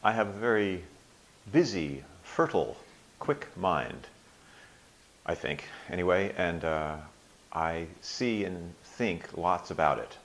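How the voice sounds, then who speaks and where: A man in his sixties answering interview questions thoughtfully, pausing and restarting, now and then acting out his own inner voices with playful emphasis. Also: low-pitched, expressive, gravelly, poor audio. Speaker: interview guest, workshop alumnus.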